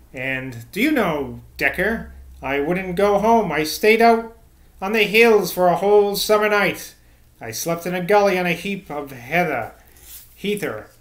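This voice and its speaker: A man's voice: sits high, a bit bright. A man voicing an earnest, sententious middle-aged man. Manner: sententious, reminiscing. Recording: echoey room.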